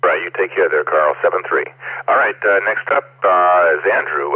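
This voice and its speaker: A man runs a ham radio net, chatting with each caller in a halting way, full of fillers. His voice sits very low and husky. It comes through a tinny radio transmission. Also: dry recording. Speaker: net control host.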